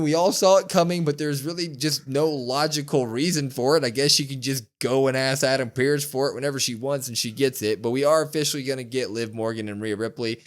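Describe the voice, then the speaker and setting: A man co-hosting a podcast, casually recapping a wrestling show and acting out the lines of those involved. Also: a little high. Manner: animated retelling, acts out quotes. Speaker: podcast co-host.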